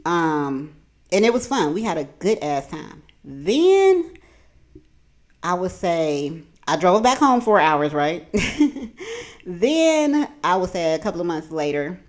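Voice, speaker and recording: Woman spilling family drama, swearing a lot, super animated, cooking in her kitchen. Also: lowish voice, unhurried. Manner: profane, animated storytelling. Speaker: vlogger. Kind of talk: casual storytime. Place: home kitchen.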